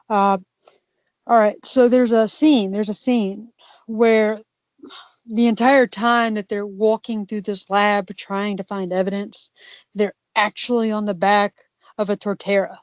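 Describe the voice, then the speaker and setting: Woman co-host, casual and halting, mid-pitched, dry close sound. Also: a little mellow, dry recording. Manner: halting, many fillers and restarts. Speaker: podcast co-host. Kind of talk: casual podcast chat.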